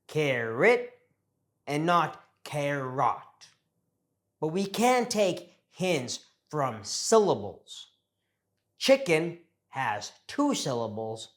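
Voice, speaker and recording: Slow, lively-voiced male English teacher. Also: a little high. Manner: slow, careful and encouraging, drawing out example words. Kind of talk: pronunciation lesson.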